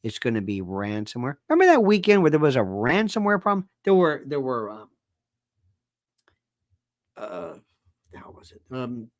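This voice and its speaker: A man's voice: mid-range voice, huge pitch swings, moderate pace, long pauses, no echo, studio quality. A man from Tampa, Florida, hosting a live commentary show, lecturing in a pedantic, sarcastic way. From Tampa, Florida, USA. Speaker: show host.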